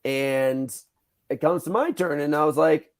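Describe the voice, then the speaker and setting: A man in his thirties hosting a podcast, telling stories in a casual, animated way, swearing freely and acting out what people said. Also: fairly high pitch, measured pace. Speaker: podcast host. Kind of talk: casual storytelling chat.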